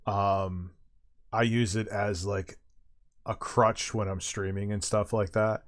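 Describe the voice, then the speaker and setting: A man's voice: fairly low pitch, little pitch movement, slow pace. A middle-aged man chatting casually as a streamer, telling a long rambling anecdote with swearing and restarts. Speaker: streamer and host. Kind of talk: casual chat, storytelling.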